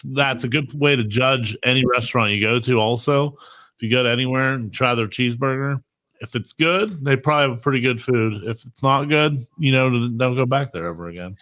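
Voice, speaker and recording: A man with a bright, forward voice telling loose, rambling stories, and he leans on fillers as he goes. It is relaxed podcast banter among friends. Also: medium pitch. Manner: rambling, filler-heavy storytelling. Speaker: podcast host. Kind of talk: casual chat.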